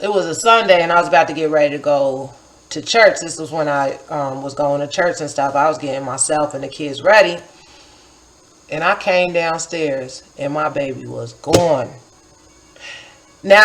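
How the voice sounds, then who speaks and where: Woman about 40 telling a story, chatty and animated, lots of "like" and "you know". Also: fairly low pitch, rough recording. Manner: acts out her own past remarks in a livelier voice. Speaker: poet and vlogger. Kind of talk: casual personal storytelling.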